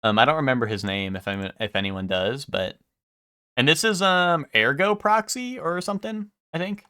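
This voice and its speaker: A young male streamer talks to his chat in a bright, crisp voice, rambling and swearing as he goes. The sound is dry and close. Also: medium pitch, moderate pace, no echo. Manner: rambling, swears a lot, full of ums. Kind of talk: casual live-stream chat.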